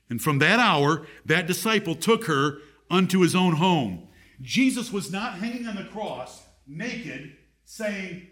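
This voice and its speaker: A man's voice: sits high, animated, normal speed, a bit bright. A man preaching a sermon as pastor, reading scripture aloud with strong emphasis.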